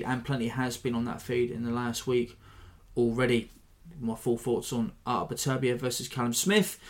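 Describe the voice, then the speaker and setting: A male podcast host talking casually in a mid-pitched voice. He rambles a little and jokes at his own expense. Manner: jokey, self-deprecating, rambling.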